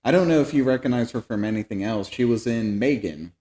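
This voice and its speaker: A man's voice: medium pitch, brisk, dark tone. A young man co-hosting a podcast, chatting casually about a movie and acting out lines from its scenes. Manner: laid-back, acts out lines from scenes. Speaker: podcast co-host. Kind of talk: casual movie review chat.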